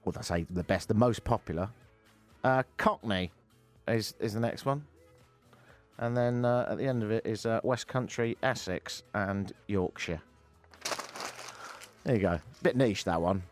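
A man's voice: lowish voice, unhurried, long pauses, faint music behind. A man hosting a talk radio show, chatting casually in a joking, teasing way into a studio microphone.

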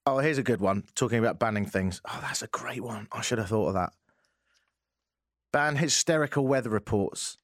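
A man's voice: fairly low pitch, moderate pace, no room sound. A man with an English accent hosting a casual, joking radio talk show from a studio. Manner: chatty, joking, rambling. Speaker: radio host.

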